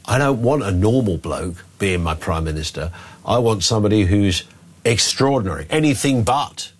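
A man's voice: moderate pace, slightly rough. A man with a British accent hosting a radio phone-in, giving blunt opinions in casual chat. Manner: blunt, conversational, lively pitch swings. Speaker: radio talk show host.

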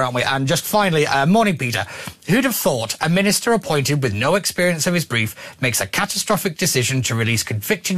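A man's voice: a little high, fairly bright tone. Chatty opinionated male talk radio host. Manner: chatty and opinionated, with frequent restarts. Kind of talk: opinionated talk radio chat with listener texts. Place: broadcast studio.

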